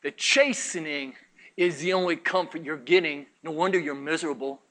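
A middle-aged male pastor preaching a fiery sermon, swinging from shouts to low, intense murmurs and mocking the voices of churchgoers. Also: moderate pace, slight background noise. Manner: acts out congregation voices mockingly.

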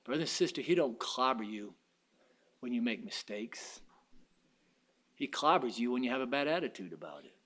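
A man's voice: mid-range voice, expressive, normal speed, pauses often, fairly bright tone. A man preaching a sermon in a fervent, folksy way, weaving in personal stories.

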